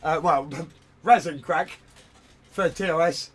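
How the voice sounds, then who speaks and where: A man's voice: fairly high pitch, takes it slowly. A man chatting casually on a hobby livestream from a room at home, rambling and self-deprecating while he works at his desk. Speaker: streamer.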